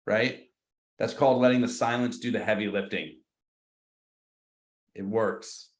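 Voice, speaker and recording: In a live training for his agents, this man speaks on the low side, unhurried and fairly even in intonation. The meeting room recording echoes, and he uses casual slang while playing both parties in phone calls.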